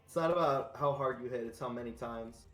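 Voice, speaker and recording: A man's voice: medium pitch, a little fast, a bit bright, reverberant, faint music behind. A man playing a tabletop game over a voice call, brash and joking, swearing now and then. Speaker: player. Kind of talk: casual game chat. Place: online voice call.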